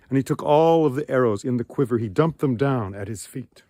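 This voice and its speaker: A man's voice: medium pitch, expressive, brisk, hardly any pauses, mellow, no room sound. A man telling an ancient myth outdoors, with dramatic shifts in pace and volume. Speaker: storyteller. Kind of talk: oral storytelling of myth. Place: outdoors among ruins.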